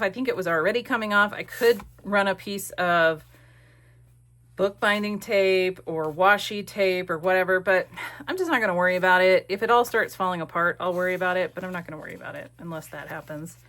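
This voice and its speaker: A woman's voice: mid-range voice, brisk, a bit bright. A woman chatting casually and rambling with many fillers in a crafting vlog, recorded at home on a desk camera. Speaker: crafting vlogger.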